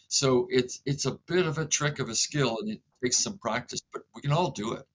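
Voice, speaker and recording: A man being interviewed as a guest, speaking in a calm, reflective way and sometimes acting out short dialogues between people. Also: medium pitch, a little fast, slight background noise, low-quality recording. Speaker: inventor and guest. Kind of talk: conversational interview.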